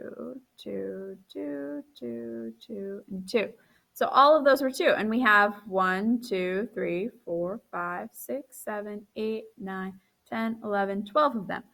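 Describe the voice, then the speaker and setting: A woman's voice: medium pitch, a bit bright. A woman teacher walking through a recorded math lesson, counting aloud as she draws and correcting her own slips, tired and yawning.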